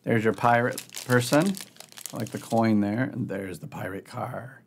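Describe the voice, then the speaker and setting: A man's voice: fairly low pitch, a little slow, gravelly, slight background noise. A man hosting a board game channel, giving casual, upbeat unboxing commentary and thinking aloud as he goes.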